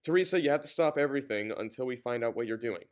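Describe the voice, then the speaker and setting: A man's voice: mid-range voice, animated, fast talker, lightly acted. A man reading the lines of an angry woman president in a book, curt and demanding. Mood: irritated.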